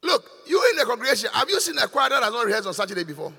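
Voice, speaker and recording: Raspy high-pitched older preacher. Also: male voice, very animated, rapid-fire, sharp tone. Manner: questioning and scolding the congregation. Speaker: bishop preaching. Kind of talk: sermon with call-and-response. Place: large church hall. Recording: long reverb of a church hall.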